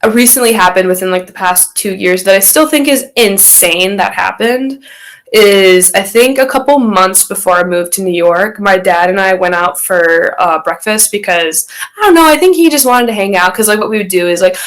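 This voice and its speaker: A young woman appears as a podcast guest, telling a personal story in a rambling way packed with fillers and restarts, and she acts out quotes as she goes. Her voice is medium in pitch at a moderate pace, and the recording quality is low.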